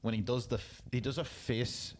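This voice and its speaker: A man's voice: mid-range voice, fairly even intonation, normal speed, slight background noise. A man co-hosting a podcast, chatting casually about a film in a blunt way, swearing and laughing easily. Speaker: podcast co-host.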